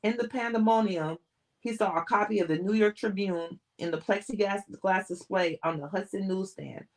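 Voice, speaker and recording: A woman reading a novel aloud on a livestream, steady and plain, sometimes restarting a word. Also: medium pitch, normal speed. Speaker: audiobook reader.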